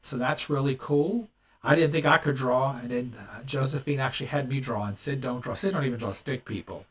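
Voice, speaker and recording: A man's voice: mid-range voice, a little fast, recorded from a distance. A man hosting a podcast in casual chat, rambling with many restarts and fillers. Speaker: podcast host and medium.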